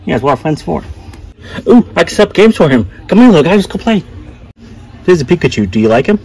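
A man's voice: fairly high pitch, fast talker, slightly rough, low-quality recording. A man voicing all the characters in a playful plush toy comedy skit. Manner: lively, playful, switches between voices.

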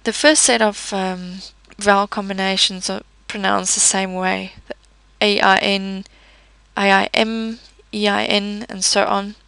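Language teacher, woman; slow, patient explainer, gravelly tone, dry close recording. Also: mid-range voice, level tone, fairly bright tone, dry recording, rough recording. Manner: slow, patient explaining with fillers and self-corrections. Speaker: French teacher. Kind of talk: pronunciation lesson.

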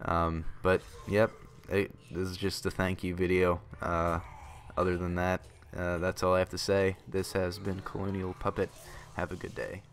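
A man's voice: deep voice, completely flat delivery, normal speed, hardly any pauses. A man talking casually in a thank-you vlog, rambling with lots of ums and uhs. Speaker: YouTuber.

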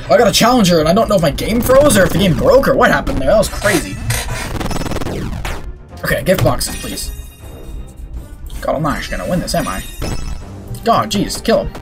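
Young man, let's play commentary, excitable, lively pitch, talks to himself, swears at the game, game music behind. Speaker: gaming YouTuber.

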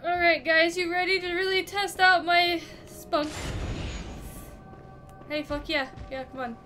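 A young woman plays through a game for her viewers, cursing, yelping and laughing as it goes. Her voice sits high and bright, and she takes her time with the words. Faint game music runs behind her. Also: measured pace. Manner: profane, excitable, laughs and yells at the game. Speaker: gaming streamer. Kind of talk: casual let's-play commentary.

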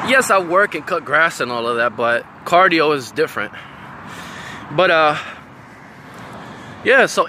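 A man telling a story in a casual, profane, animated vlog, talking outdoors with faint traffic behind him. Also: on the high side. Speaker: vlogger.

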